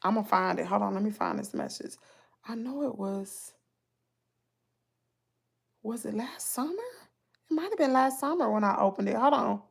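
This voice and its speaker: A woman's voice: on the high side, normal speed, vocal fry, long pauses, husky. A woman vlogger with a Southern US accent, chatting casually to her viewers with lots of exclamations and asides.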